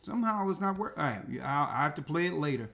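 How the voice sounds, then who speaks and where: A man's voice: a little high, big pitch swings, fast talker, creaky, a bit bright. A man hosting an online radio talk show, speaking unhurriedly and dropping in religious exclamations while he thinks aloud at his computer. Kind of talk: casual livestream talk.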